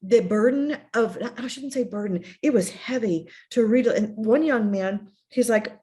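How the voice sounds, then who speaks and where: A woman's voice: on the high side, unhurried, hardly any pauses, warm tone. A middle-aged woman from the United States, a bereaved mother speaking earnestly in an interview and often voicing remembered messages. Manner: earnest, repeats herself, voices remembered messages. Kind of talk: emotional personal storytelling.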